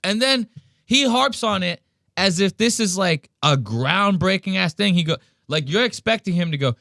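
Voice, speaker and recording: A man's voice: high-pitched, animated, normal speed, gravelly, pushed and bright, dry recording, clean studio sound. A man hosting a podcast, ranting and mocking a clip in profane casual commentary. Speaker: podcast host reacting to a clip.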